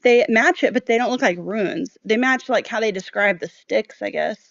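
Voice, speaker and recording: A woman co-hosting a casual true-crime discussion who thinks aloud and hedges in quick bursts. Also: fairly high pitch, vocal fry, fairly bright tone, dry recording, dull audio. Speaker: podcast co-host.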